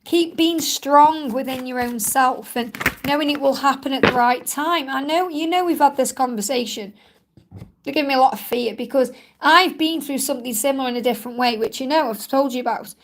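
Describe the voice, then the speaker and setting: A woman's voice: high voice, a little fast. A woman giving reassuring psychic card readings on a live-stream Q&A, speaking in a soothing, repetitive way. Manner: soothing, reassuring, repeats herself. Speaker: psychic reader.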